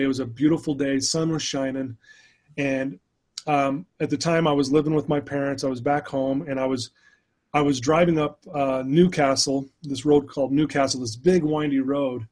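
Husky-voiced man telling an earnest story. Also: fairly high pitch, darkish tone. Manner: earnest, emotional storytelling with many restarts. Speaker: podcast guest. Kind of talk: personal storytelling in an interview.

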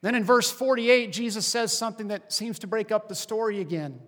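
A male pastor preaching a sermon with animated, rising and falling emphasis. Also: high-pitched, a little fast, long reverb tail.

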